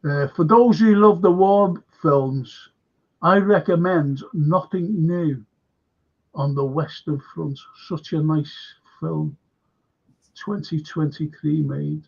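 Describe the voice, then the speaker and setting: A man hosting a casual film chat stream, excitable and reading out viewer comments. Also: fairly high pitch, slow, vocal fry, husky. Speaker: host. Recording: dull lo-fi stream audio.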